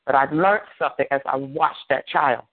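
A man's voice: medium pitch, moderate pace. Fervent male pastor preaching on a tinny line. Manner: emphatic preaching with repeated phrases and call-and-response. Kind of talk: sermon. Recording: tinny phone-like dry sound.

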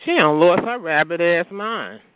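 Man, phone-line audio: profane taunting rant, pitch spiking when yelling. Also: lively intonation, a little slow, smooth, dry recording. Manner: profane, taunting, repeats "okay?". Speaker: chat line caller. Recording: tinny phone line with hiss.

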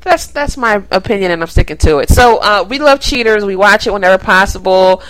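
Lively chatty woman podcast co-host. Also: medium pitch, brisk, rough recording. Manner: laughs often, chatty and opinionated. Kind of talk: casual podcast chat.

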